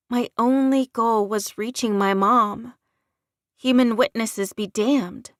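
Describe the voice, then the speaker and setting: A woman narrates an audiobook at an unhurried pace. Her reading is measured and careful. The sound is close and dry, with no room around it. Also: mid-range voice, no echo.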